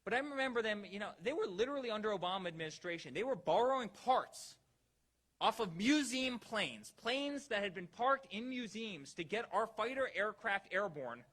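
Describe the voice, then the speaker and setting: Bright, high-voiced man at a rally. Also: lively intonation, moderate pace. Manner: rousing, with repeated rhetorical questions. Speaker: political rally speaker. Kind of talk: campaign rally speech. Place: outdoor campaign rally.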